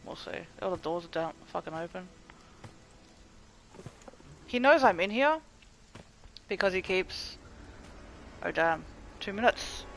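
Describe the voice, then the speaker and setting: A young man chatting casually to his viewers during a game livestream, excitable and swearing often. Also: high voice, slow pace, long pauses, a little hiss or hum, poor audio. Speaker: gaming livestreamer. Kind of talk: casual live commentary to chat.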